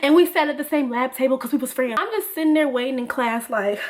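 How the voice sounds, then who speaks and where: Animated young woman telling a story. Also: sits high, fast, hardly any pauses. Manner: animated, laughing, lots of filler "like". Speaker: vlogger. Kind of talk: casual storytime.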